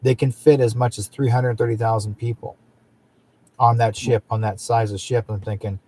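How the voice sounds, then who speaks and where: A male host chats casually with his guest. He rambles, restarting phrases and filling pauses, at a mid pitch. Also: fairly even intonation, a little mellow. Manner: rambling, frequent restarts and fillers. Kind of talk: casual interview chat.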